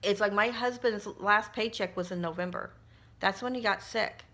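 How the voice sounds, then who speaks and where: A woman's voice: mid-range voice, normal speed, sharp tone. A middle-aged woman talking casually while crafting, telling a personal story in a heartfelt, emotional way with frequent restarts. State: tearful at times. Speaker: crafting vlogger.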